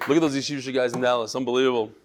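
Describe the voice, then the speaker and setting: A man teaching a daily Talmud class, talking in an animated, exclaiming way. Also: medium pitch, racing, very noisy. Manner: animated, exclaiming, mixes Yiddish and Hebrew words. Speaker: daf yomi teacher. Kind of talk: lively Torah class talk.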